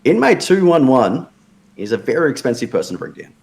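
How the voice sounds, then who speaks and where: A tired man tells joking, crude stories in an easy, casual way. His voice sits at an ordinary middle pitch, and his banter is loose and unhurried. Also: very animated, gravelly, darkish tone. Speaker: show regular, wrestler. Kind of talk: casual chat.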